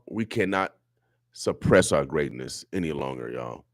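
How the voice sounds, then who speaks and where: Deep-voiced man preaching on talk radio. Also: animated, a little slow, no echo, clean studio sound. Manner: preachy, repetitive, emotional. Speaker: radio show host. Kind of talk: impassioned talk radio monologue. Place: radio studio.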